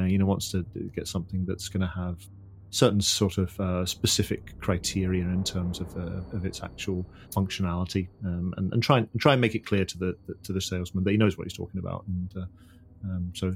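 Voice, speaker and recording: Man, tabletop game player, gravelly low voice, hesitant, lots of fillers. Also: level tone, fairly quick, a little hiss or hum. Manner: hesitant, with many fillers and restarts. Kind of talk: explaining his character's plan in a tabletop game.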